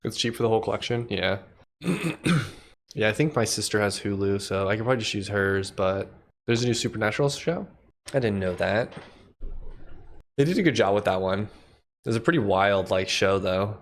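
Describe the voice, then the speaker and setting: A man livestreaming as a programmer, thinking aloud in a loose, relaxed way and chatting with viewers. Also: on the low side, normal speed, slight background noise. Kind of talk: casual livestream chat while coding.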